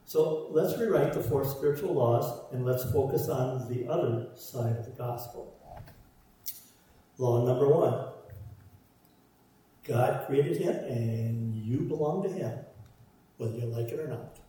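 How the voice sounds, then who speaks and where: A man's voice: mid-range voice, measured pace, pauses often, warm tone, slight background noise. A man preaching a sermon, stressing his points through repeated parallel phrases. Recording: roomy echo, voice from far off.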